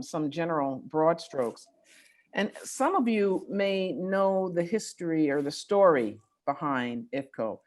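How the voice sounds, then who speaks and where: A woman leading an organization speaks at an online forum in an earnest, measured way, slowing down for emphasis. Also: low voice. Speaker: executive director of a faith-based organization.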